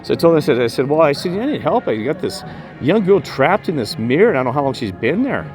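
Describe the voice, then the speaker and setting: A man vlogging a rambling personal story about spirits, emphatic and jumping up in pitch when he quotes himself. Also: sing-song, quick pace, over music. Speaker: paranormal vlogger.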